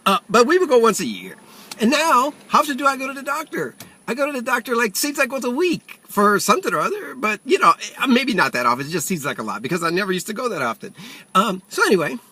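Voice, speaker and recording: Animated husky older man ranting. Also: sits high. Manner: rambling, animated, self-mocking. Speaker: retiree ranting. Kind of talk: comic monologue.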